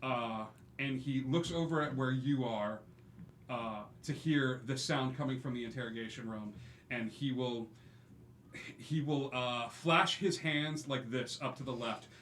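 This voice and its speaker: A man running a tabletop game as game master, narrating the scene in a lively way. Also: mid-range voice, a little slow. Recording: echoey room with faint noise.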